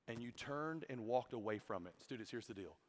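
A young adult man giving a comedic youth sermon, telling stories in an animated way and mimicking the people in them. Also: fairly low pitch, moderate pace. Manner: animated storytelling with mimicked voices. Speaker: youth camp speaker. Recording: long hall reverb.

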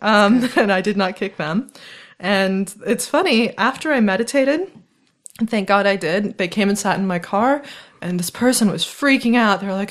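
Woman guest, chatty and animated, often laughing; mid-range voice. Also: mid-range voice, moderate pace. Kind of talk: casual recovery podcast chat.

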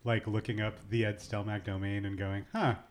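A man co-hosting a podcast speaks in a low voice. He chats casually, teasing and joking with his co-host. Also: level tone, a little fast. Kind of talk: casual chat.

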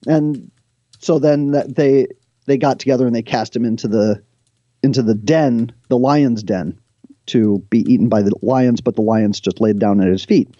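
A man's voice: fairly low pitch, normal speed, no room sound. Man telling stories on a muffled line. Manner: animated storyteller, reads passages aloud. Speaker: guest. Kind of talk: retelling scripture stories in conversation.

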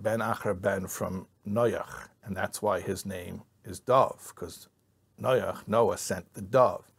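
A man's voice: on the low side, vocal fry, slightly rough. A man teaching an informal Bible class to a live group, joking and quizzing his listeners. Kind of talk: informal Torah class with audience.

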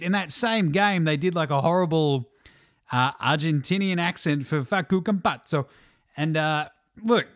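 An Australian man hosts a basketball podcast in a loose, sweary, mocking way. His voice sits a little high. The sound is dry and close, with no room around it. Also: a bit bright, dry recording. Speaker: podcast host. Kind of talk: casual sports chat.

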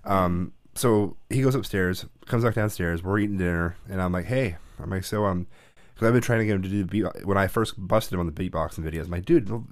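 A man's voice: deep voice, fairly quick, no echo. A man in his thirties, a father and podcast co-host, telling a family story in casual chat and acting out the quotes. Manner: animated storyteller, acts out quotes.

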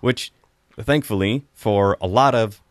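A man's voice: on the low side, measured pace, dry recording, clean studio sound. A man hosting a casual podcast chat, reviewing a film in a rambling, chatty way with frequent laughs.

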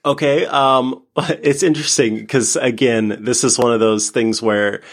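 A man's voice: medium pitch, fairly even intonation, unhurried. A man from the American Midwest with a Midwestern accent, talking casually as a podcast guest, full of fillers and restarts. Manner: chatty, many fillers and restarts, laughs often. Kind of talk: casual interview talk.

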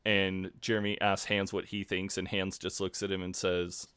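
A man co-hosting a podcast, wryly recapping scenes in relaxed casual chat on a home mic. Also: sits low, moderate pace, a little hiss or hum. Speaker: podcast co-host.

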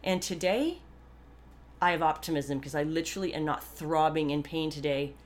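A woman's voice: low-pitched, normal speed. A woman hosting a podcast, talking candidly and earnestly in a rambling, chatty way full of asides and restarts. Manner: warmly earnest and grateful. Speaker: podcast host. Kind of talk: candid personal monologue.

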